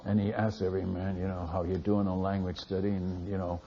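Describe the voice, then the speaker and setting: A man, a missionary, tells a lively testimony story, laughing and repeating words as he goes. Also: low voice, a little fast, big-room sound, a little hiss or hum. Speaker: missionary speaker. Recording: dull lo-fi recording.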